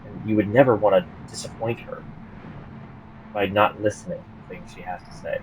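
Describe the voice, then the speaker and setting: A man narrating as game master of a tabletop game, halting with many fillers and restarts. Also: on the low side, steady tone, a little hiss or hum, low-quality recording.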